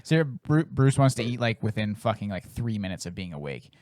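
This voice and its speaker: A man's voice: fairly low pitch, big pitch swings, a little fast, darkish tone, no room sound, clean studio sound. A man co-hosting a podcast in casual chat, firing off ribbing questions. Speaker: podcast co-host.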